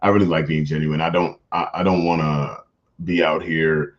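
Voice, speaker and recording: A young man streaming a casual late-night chat, laid-back and slangy, who laughs often and reads out viewer comments in his natural deep voice. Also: flat delivery, moderate pace, highs cut off. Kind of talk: casual chat with live chat readers.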